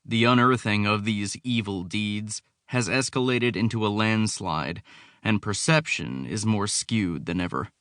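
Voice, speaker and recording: A man's voice: fairly low pitch, a little slow, fairly bright tone, clear, resonant tone, dry recording, clean studio sound. A man narrating a first-person romance audiobook with a cynical, wry tone.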